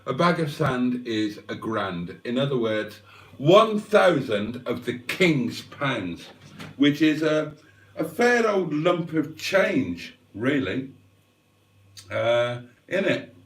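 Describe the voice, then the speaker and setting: A man hosting a livestream, chatting to viewers in a rambling, wry, self-mocking way and clearing his throat often. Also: medium pitch, sing-song, takes it slowly. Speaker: livestream host. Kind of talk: rambling casual chat to viewers. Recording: roomy sound, mic at a distance.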